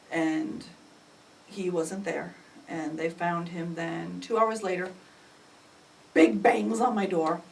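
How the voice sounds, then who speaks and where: A middle-aged woman recounting a family crisis in an emotional, animated way, acting out the dialogue with sudden jumps in pitch. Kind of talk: emotional personal storytelling. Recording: distant mic with faint ambient noise.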